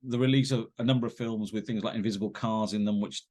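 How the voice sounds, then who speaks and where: A man, a guest on an interview podcast, telling rambling, animated anecdotes with many fillers and restarts. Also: lowish voice, fast.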